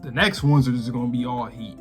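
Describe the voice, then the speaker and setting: A man's voice: mid-range voice, steady tone, quick pace, over music. A man co-hosting an anime reaction talk, chatting loosely and laughing often. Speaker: co-host of anime reaction channel. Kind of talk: casual chat.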